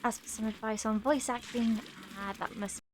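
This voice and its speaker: A woman's voice: a little high, fairly even intonation, normal speed, a little hiss or hum. A woman in her twenties chatting casually on a live stream while she plays, reading chat aloud and laughing often. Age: 20s.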